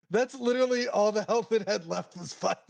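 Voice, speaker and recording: A man narrating as game master for a tabletop game, chatty and quick to laugh. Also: very high voice, vocal fry. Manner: laughs often, relaxed and chatty.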